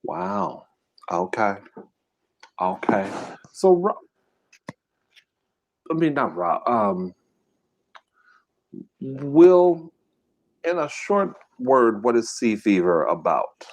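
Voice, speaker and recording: A man's voice: medium pitch, very animated, extremely slow, pauses often. Casual man hosting a live trivia game. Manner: reads quiz questions aloud and banters with chat, casual slangy talk. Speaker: mukbang host running a live trivia game. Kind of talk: casual live-stream chat.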